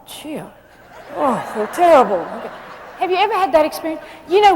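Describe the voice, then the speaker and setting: A woman giving a humorous motivational keynote to a live audience, chatty and animated, laughing often and asking the crowd questions. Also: sits high, in a large hall, a little hiss or hum, rough recording. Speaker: motivational speaker. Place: live event before an audience.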